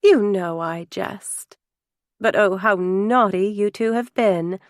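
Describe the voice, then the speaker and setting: A woman's voice: medium pitch, slow pace, no echo, studio quality. A woman reading an audiobook, voicing an effusive, playful, fashionable older sister who teases and gushes. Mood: teasing. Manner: gushing, teasing.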